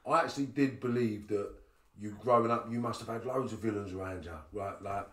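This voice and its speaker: A man's voice: on the low side, fairly quick, echoey room, recorded from a distance. A man hosting a podcast, asking blunt, chatty questions in a casual interview. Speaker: podcast host.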